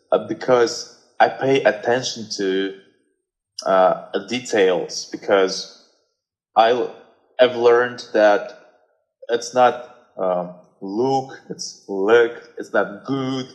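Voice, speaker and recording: A man's voice: on the low side, poor audio. A man from Russia with a Russian accent, a native Russian speaker, chatting as a guest and searching for words with many fillers. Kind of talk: casual conversation.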